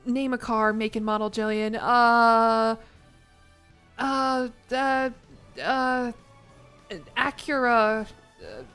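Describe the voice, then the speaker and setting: A woman imitating her middle-aged father, who quizzes her on car makes and models with slow hesitations. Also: fairly high pitch, a bit bright, smooth, soft background music. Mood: quizzing. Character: know-it-all middle-aged dad quizzing about cars.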